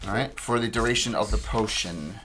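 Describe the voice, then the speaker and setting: A man's voice: lowish voice, fairly quick, heavy background noise. Casual man running a tabletop game. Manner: relaxed, chatty, many fillers. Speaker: dungeon master.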